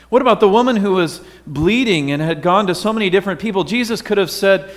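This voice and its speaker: A man preaching a sermon as pastor, telling stories and dropping his voice slowly for emphasis. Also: high-pitched, lively intonation. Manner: storytelling with emphatic slow drops. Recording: echoey hall.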